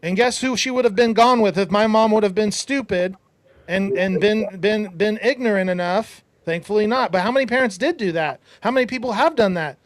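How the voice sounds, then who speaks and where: Male podcast host, high register, emphatic storyteller, dry close sound. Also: a little fast, no echo. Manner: emphatic, preachy asides to listeners. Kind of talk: casual storytelling.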